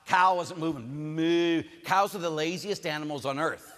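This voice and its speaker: A man's voice: fairly high pitch, a little fast, a bit bright, long reverb tail. A man from Pittsburgh with a Pittsburgh accent, preaching a sermon told as a jokey farm story, with big swings in volume.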